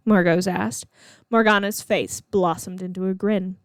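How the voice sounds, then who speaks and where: A woman reading her own fan fiction aloud in a steady, expressive storytelling voice. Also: lowish voice, measured pace, hardly any pauses, clean tone, no room sound, clean studio sound. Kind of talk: storybook read-aloud narration.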